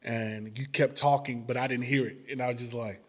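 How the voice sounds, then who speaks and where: A former fighter telling stories in a casual interview, acting out quotes and laughing often. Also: male voice, mid-range voice, fairly quick. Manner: animated storyteller, acts out quotes, laughs often.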